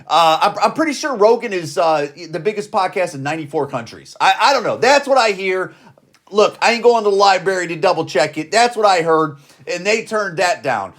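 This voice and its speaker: Blunt high-voiced man in his forties ranting. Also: lively intonation, a little fast, a bit bright. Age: 40s. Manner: blunt, slangy, repeats phrases. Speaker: podcast host. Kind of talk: casual opinion rant.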